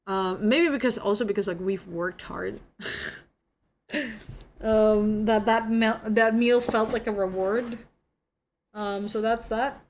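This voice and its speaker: A young woman, chatting casually to her stream viewers and rambling through a story. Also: medium pitch. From Indonesia.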